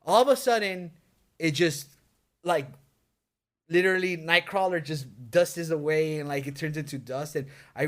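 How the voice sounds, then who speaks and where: A young man co-hosting a podcast, telling a story in casual chat, animated and swearing often, acting out his screams. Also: a little high, moderate pace. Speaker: podcast co-host.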